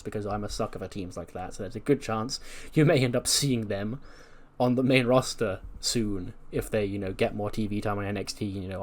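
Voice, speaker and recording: A man's voice: on the low side, darkish tone. Laid-back man narrating a game. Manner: laid-back, swears casually. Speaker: gaming video host. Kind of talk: casual let's-play commentary.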